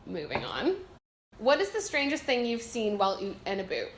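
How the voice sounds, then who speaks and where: With a sing-song, mid-range voice at a moderate pace, a young Canadian woman answers viewers' questions about Canada in casual chat, speaking with a Canadian accent. She's giggly, chatty, and self-deprecating. The echoey room carries slight background noise.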